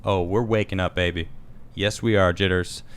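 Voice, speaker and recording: A man hosting a casual podcast stream, reading viewer comments aloud and reacting with quick asides. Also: low-pitched, steady tone, smooth. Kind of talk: casual live-stream chat.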